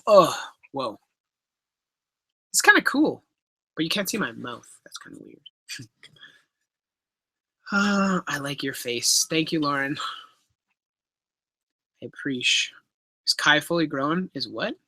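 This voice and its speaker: Reading viewer chat aloud into his laptop mic, a laid-back Canadian host jokes and swears through a home live stream Q&A, surrounded by pet enclosures. He sounds expressive and rather high, pushed and bright with a breathy edge, keeping a measured pace broken by long pauses; there's no echo.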